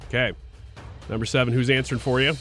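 A man's voice: medium pitch, level tone, fast, fairly bright tone, faint music behind. A man co-hosting a talk radio show, reading news items as quiz questions and chuckling often in casual banter. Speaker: radio show co-host running a quiz game.

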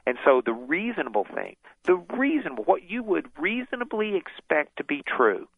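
A man's voice: high-pitched, very animated, moderate pace, husky. Man explaining over a tinny phone line. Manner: explanatory, many restarts. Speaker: author and lawyer, guest. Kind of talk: radio interview.

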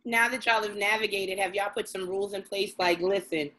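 A woman's voice: medium pitch, steady tone, fairly quick, a bit bright, low-quality recording. A woman hosting a morning show interview, asking questions conversationally and adding her own relatable asides.

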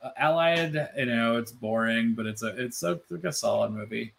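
A man co-hosting a casual podcast chat, animated and loose, full of "like" fillers and swearing. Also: medium pitch, moderate pace, vocal fry. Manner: animated, swearing, many "like" fillers, mimics voices. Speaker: podcast co-host.

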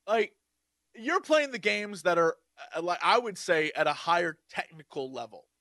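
Man, high bright voice, podcast co-host, eager, dry close sound. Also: lively intonation, moderate pace, no echo. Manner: eager and upbeat, laughs often. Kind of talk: casual chat.

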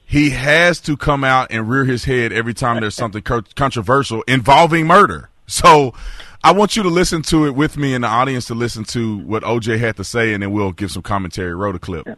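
A man hosting a political talk show, animated and laughing often as he talks with a guest. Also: mid-range voice, brisk, no room sound, studio quality. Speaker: host.

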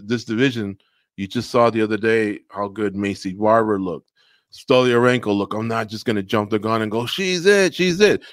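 Animated man recapping fights, dry sound. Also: on the low side, dry recording. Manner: animated, puts on mock voices for judges. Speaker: podcast co-host. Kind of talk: casual MMA recap chat.

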